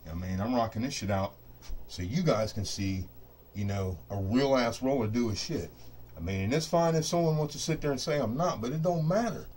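A man's voice: mid-range voice, lively intonation, brisk, darkish tone, a little hiss or hum. A middle-aged man hosting a craps video, ranting casually and profanely to camera in his home studio, boastful and fired up and leaning on "you know what I mean". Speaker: craps dice-control video host. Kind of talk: casual unscripted rant to camera. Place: home studio set up for dice rolling.

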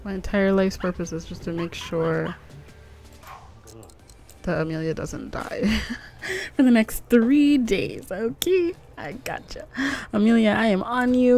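A young woman chats her way through a game, rambling and giggly in a middle-pitched voice. She coos over the pets and laughs at her own mess. Soft music plays quietly behind her. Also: unhurried, long pauses. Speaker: gaming YouTuber. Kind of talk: casual let's-play commentary. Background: faint background music.

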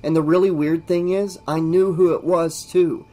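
A man's voice: on the high side, steady tone, normal speed, dark tone, voice pushed up, lightly acted. A man voicing an anxious young man who earnestly describes something frightening. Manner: earnest, worried, pleading.

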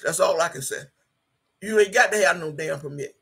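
Fairly quick and creaky, this woman's lowish voice is husky yet fairly bright. On her casual YouTube livestream she reads chat comments out loud with blunt emphasis, swears without restraint and moves into prayer.

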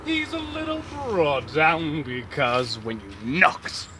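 A man's voice: fairly high pitch, wildly swooping pitch, takes it slowly, background noise, exaggerated voice. A man playing a flamboyant transvestite vampire villain in an amateur comedy film, with campy, sing-song delivery. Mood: camp, sultry. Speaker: amateur actor.

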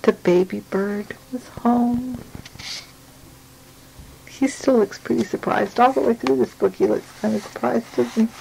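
A woman reads a picture book aloud to a child, gentle and unhurried, pausing to ask questions along the way. Her voice is fairly high with a gravelly, creaky texture, and her pace is very slow. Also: noisy background.

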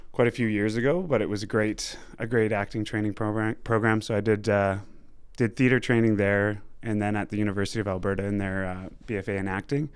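A man's voice: fairly low pitch, fairly even intonation, brisk, hardly any pauses, smooth. A man in his thirties, an actor guest in a casual interview, chatty and full of filler words.

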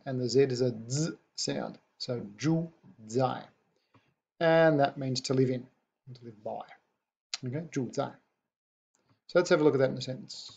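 Gravelly man teaching a patient online lesson. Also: medium pitch, darkish tone. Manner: patient, repeats new words slowly. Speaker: language teacher. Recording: dull lo-fi recording.

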